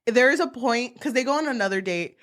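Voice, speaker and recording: A woman's voice: a little high, expressive, a little fast, a bit bright. A young woman co-hosting a podcast, chatting casually about a book, laughing and swearing as she retells scenes. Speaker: podcast co-host.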